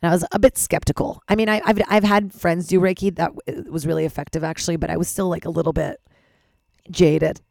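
A woman hosting her own podcast, talking frankly and rambling, swearing and poking fun at herself, with a hoarse voice from losing it. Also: on the low side, fairly even intonation, fast, darkish tone, dry recording, clean studio sound. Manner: frank, rambling, swears freely, self-deprecating. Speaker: podcast host. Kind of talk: candid solo podcast monologue.

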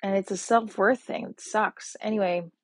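A woman's voice: mid-range voice, steady tone, normal speed, husky, dry recording, studio quality. A woman in her forties hosting her own podcast, talking through a sad, upset personal monologue in a rambling, emotional way full of restarts. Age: 40s. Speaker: podcast host.

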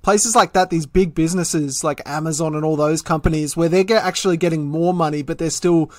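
A young Australian man co-hosting a podcast with a slightly raised pitch, swearing and ribbing his partner in playful, crude banter. The sound is close and dry. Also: steady tone, fairly quick, dry recording. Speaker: podcast co-host.

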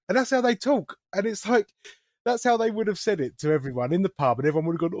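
English man, lively emphatic chat, somewhat high voice, dry close sound. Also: fast talker, no echo. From England. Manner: animated, emphatic, interjecting. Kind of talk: casual podcast chat.

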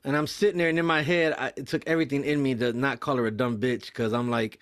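A young man telling a profane, animated story about his work as a mail carrier, acting out the other people's lines in quick voices. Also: a little high. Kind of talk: casual storytelling on a podcast.

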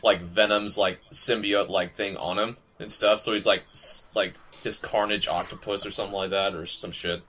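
A man's voice: lowish voice, fairly even intonation, normal speed, few pauses, bright, forceful tone. A laid-back young man chatting about video games on a podcast, laughing often. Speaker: podcast co-host. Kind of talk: casual gaming chat.

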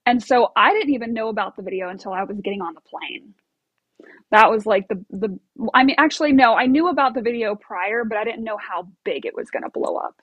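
Chatty woman with a bright high voice. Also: brisk, husky, no echo, highs cut off. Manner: bubbly, chatty, many fillers and laughs. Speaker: interview guest. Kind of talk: casual storytelling.

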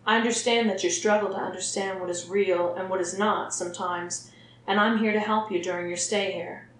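A woman's voice: mid-range voice, fairly even intonation, brisk, a bit bright, a little hiss or hum, close to an everyday voice. A woman voicing a cool, clinical female asylum doctor who speaks in a formal, detached way. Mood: firm. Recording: roomy echo.

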